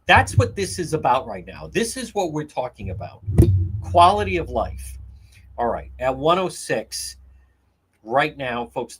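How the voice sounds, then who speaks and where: Husky, lively talk radio man. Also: a little high. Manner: rambling, repeats phrases for emphasis. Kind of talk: live talk radio livestream.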